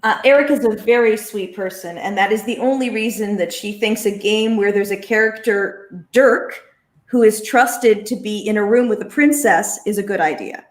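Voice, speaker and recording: A woman's voice: medium pitch, moderate pace, reverberant. A woman comedian on a game show panel, delivering short punchy one-liners. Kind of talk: comic pitch on a game show.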